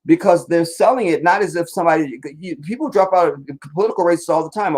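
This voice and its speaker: A man's voice: a little high, quick pace, few pauses, darkish tone, rough recording. Blunt, profane man ranting on a live stream. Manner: blunt, profane, rambling rant. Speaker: live-stream political commentator. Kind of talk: casual live-stream commentary.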